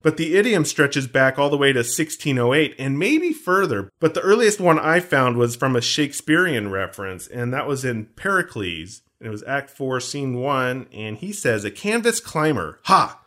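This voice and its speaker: A man's voice: mid-range voice, big pitch swings, normal speed, hardly any pauses, a bit bright. Rambling, jokey man podcasting. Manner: jokey, rambling, self-mocking. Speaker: podcast co-host. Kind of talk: casual chat about a film.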